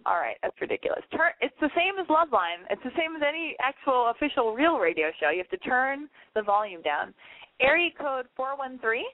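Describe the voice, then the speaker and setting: A woman's voice: high voice, very animated, fairly quick, no echo. Chatty woman radio host on a thin line. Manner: chatty, rambling, blunt. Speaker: call-in show host. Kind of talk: casual call-in advice and banter. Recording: tinny phone-like line, dry.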